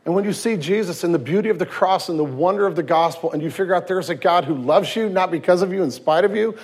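A man in his thirties, a pastor preaching a sermon with lively storytelling, swinging from loud emphasis to hushed tenderness. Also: sits high, fast. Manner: acts out quoted voices and anecdotes.

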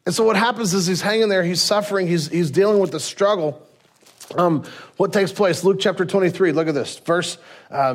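A middle-aged man preaches with earnest conviction to his congregation. His voice sits a little high, drops to a near hush at solemn points and rises again as he presses a point. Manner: earnest preaching, swinging from hushed to raised. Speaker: pastor. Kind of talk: sermon.

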